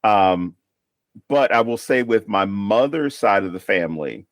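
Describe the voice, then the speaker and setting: A man co-hosting a podcast, chatting casually and telling lively stories, acting out his mother's lines. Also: on the low side, unhurried, no echo. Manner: animated storyteller, acts out his mother's lines. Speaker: podcast co-host. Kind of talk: casual chat.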